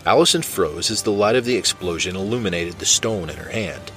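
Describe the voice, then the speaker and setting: A man narrating fiction in a steady, measured way. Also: low-pitched, soft background music.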